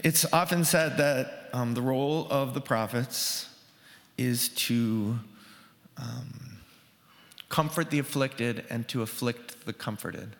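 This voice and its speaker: A man's voice: mid-range voice, slow, fairly bright tone, in a large hall. A man preaching a sermon in a conversational way, with fillers and restarts, his voice rising sharply when he quotes others.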